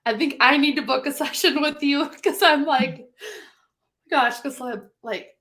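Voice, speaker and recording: A woman hosting a video-call interview, bubbly and quick to laugh, with lots of "like" in her talk. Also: high-pitched, fairly bright tone. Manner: bubbly, laughs often, says "like" a lot. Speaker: podcast host. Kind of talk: casual interview chat.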